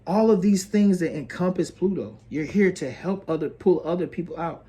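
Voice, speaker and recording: A man's voice: sits high, expressive, normal speed, dark tone. A man hosting an astrology video, earnest and preachy, repeating phrases and calling the listener bro and sis. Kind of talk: motivational astrology monologue.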